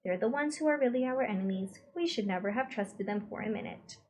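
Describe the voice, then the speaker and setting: A woman voicing a small boy under a spell who speaks in a calm, coldly reasonable way in a storybook reading. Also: mid-range voice, fairly quick, close to an everyday voice.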